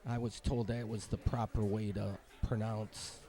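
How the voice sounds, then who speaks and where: A man with a lowish voice, little pitch movement, and a slightly slow pace vlogs his walk through a city holiday event outdoors at night. Live music plays around him as he chats in an upbeat, rambling, casual way about the local sights.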